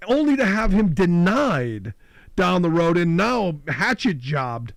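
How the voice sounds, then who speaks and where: Male call-in show host; high, dry, chatty and opinionated. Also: big pitch swings, slow pace, creaky, dry recording. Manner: conversational, opinionated. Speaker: radio talk show host. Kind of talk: call-in radio talk.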